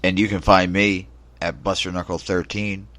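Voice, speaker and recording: A low-voiced man co-hosts a casual gaming podcast, tossing in quick jokes. His close mic sounds dry and dead. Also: little pitch movement, a bit bright, no echo. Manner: joking, short interjections. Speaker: podcast co-host.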